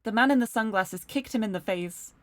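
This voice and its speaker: A young woman streamer reading a visual novel aloud, with animated, self-deprecating asides, over game music. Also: a little high, brisk, no echo. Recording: game music playing behind.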